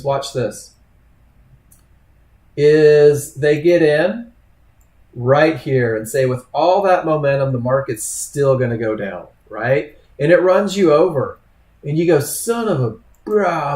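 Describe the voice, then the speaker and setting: A man's voice: a little high, darkish tone. A man leading a live trading webinar, talking casually to students by name and acting out traders' thoughts. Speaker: trading instructor. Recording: echoey room.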